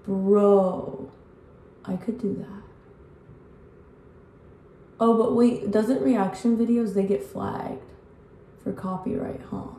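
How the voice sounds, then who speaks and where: Speaking slowly with long pauses, a vlogger in her early twenties rambles and swears bluntly while getting ready at home. Her voice is on the high side, steady and dark in tone, recorded on a distant mic in an echoey room.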